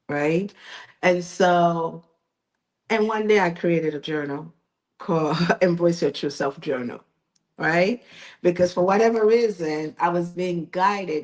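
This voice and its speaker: A middle-aged woman shares a personal story in an interview, her voice a little low. She talks with feeling, laughing often and going back over her words as she goes. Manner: emotional, tearful at times, laughing, repeats herself. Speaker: author and magazine editor.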